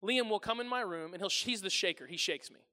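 A man in his thirties preaches to a congregation with a very high, bright, forceful voice. He tells comic stories about his family, lively and self-deprecating, and slips into voices for his family. His voice rings with the long reverb of a large church hall. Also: fairly quick. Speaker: pastor. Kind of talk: humorous sermon storytelling.

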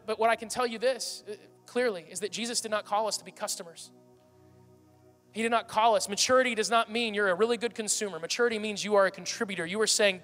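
High, bright-voiced pastor in his thirties. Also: in a large hall. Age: 30s. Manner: impassioned, rambling with restarts. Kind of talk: sermon. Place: church hall.

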